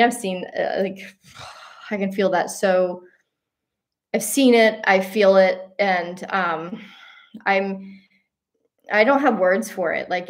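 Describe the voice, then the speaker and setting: A woman hosts a talk show in a loose, unscripted monologue. She speaks earnestly and rambles, often restarting her sentences and leaning on fillers. When she tells stories she grows animated and slips into laughter. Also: medium pitch. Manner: animated when telling a story, breaking into laughs.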